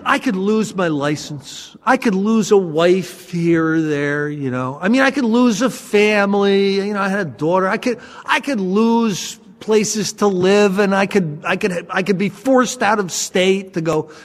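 A man telling a self-mocking story about his drinking to an audience, in an animated, storytelling way. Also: sits high. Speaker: speaker sharing a recovery story. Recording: long hall reverb.

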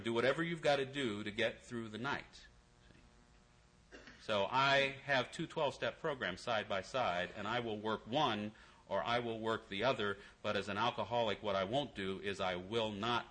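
A man speaking at a recovery meeting, wry and comic, then quiet and earnest. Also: mid-range voice, moderate pace, low-quality recording.

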